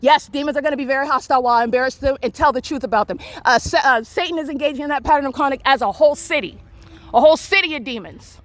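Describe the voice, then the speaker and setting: A woman's voice: high-pitched, rapid-fire, a bit bright. A woman filming on her phone outdoors, narrating in an accusatory, repetitive, insistent way. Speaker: vlogger filming people around her. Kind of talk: confrontational narration while filming. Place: outdoors in a town square and parking lot.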